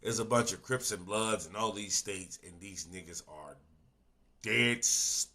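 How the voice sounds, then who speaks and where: Guy reacting to a video on stream, cussing and asking questions he doesn't want answered, bright tone. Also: fairly low pitch, unhurried. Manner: profane, animated, full of rhetorical questions. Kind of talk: casual reaction commentary.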